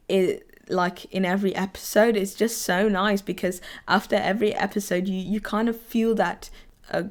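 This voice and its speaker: A woman talks loosely and slowly, piling up fillers and restarts as she chats about the shows she watched. She breaks into laughs and gets teary when a story moves her. Her voice sits at an ordinary middle pitch. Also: a little mellow. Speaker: anime vlogger. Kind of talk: casual chat.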